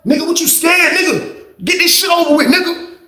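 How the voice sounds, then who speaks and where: A man voicing a fired-up male inmate who shouts, curses and insists another man fight. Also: very high voice, very slow, pitched above the performer's own voice, exaggerated voice. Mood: heated. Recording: roomy echo.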